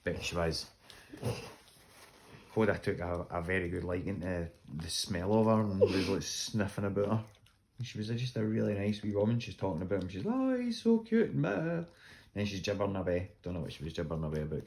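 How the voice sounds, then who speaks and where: A Scottish man tells funny stories about his dog in a low, darkish voice, talking fast with fairly even intonation. He laughs often and acts out voices in his anecdotes during this casual storytelling.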